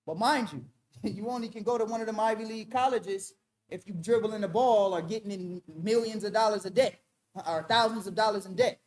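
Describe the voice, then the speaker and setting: A woman leading a Bible study, preaching in an emphatic, loud and vernacular style and calling out to the room. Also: medium pitch, a little fast. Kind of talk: animated street-style preaching.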